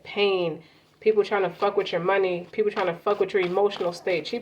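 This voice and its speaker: A woman's voice: medium pitch, a little mellow. A woman giving a casual tarot card reading, talking loosely with slang and swearing. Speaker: tarot reader. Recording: muffled lo-fi audio with faint noise.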